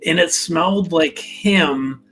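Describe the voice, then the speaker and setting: A man's voice: fairly high pitch, slow pace, a bit bright, faint music behind. A man hosting a live fragrance chat, talking in a rambling, laid-back way full of fillers. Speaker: fragrance channel host.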